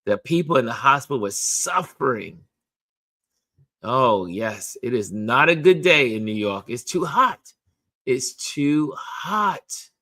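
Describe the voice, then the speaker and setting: A man's voice: mid-range voice, slow. A man hosting a daily live stream, chatting casually and reading out viewer comments, repeating phrases in a chatty way. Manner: chatty, repeats phrases, lively sing-song delivery. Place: New York.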